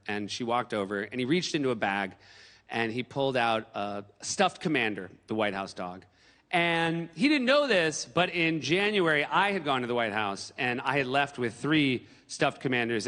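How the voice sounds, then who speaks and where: A man in his forties from New Hampshire doing animated stand-up comedy on a theater stage. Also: mid-range voice, normal speed. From New Hampshire, USA. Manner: animated, breaks into yelled impressions. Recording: stage mic in a reverberant hall.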